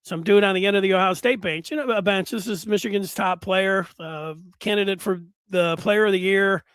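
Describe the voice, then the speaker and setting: A man hosting a solo sports talk show, rambling and animated with many fillers and restarts. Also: high-pitched, a little fast, clean tone, no echo, studio quality.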